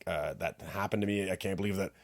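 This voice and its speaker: A man's voice: deep voice, fairly even intonation, fast, no room sound, studio quality. A man co-hosting a podcast, telling a story in casual chat and swearing freely. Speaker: podcast co-host.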